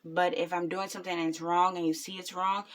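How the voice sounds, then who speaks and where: In a casual reaction vlog, a new mother in her twenties talks bluntly and rambles, scattering plenty of ums. Her voice is on the low side, fairly flat in pitch, and she speaks quickly.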